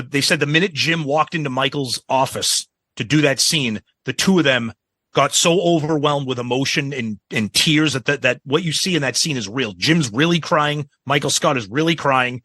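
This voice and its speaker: Brief: male co-host, bright edgy tone, eager, dry close mic. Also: medium pitch, moderate pace, no echo. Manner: enthusiastic, frequent agreeing "yep". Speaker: podcast co-host. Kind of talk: casual chat.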